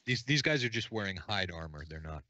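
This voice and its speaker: A man running an unscripted tabletop game as game master, narrating in a plain, halting way with lots of fillers. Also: low voice, expressive, bright, forceful tone, highs cut off.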